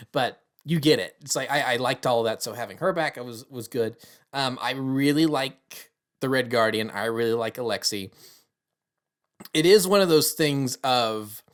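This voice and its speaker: A man's voice: mid-range voice, a bit bright. A man talks through a film review in a loose, casual monologue. He circles back on his own phrases, restarts his sentences often and drops in quote-unquote asides.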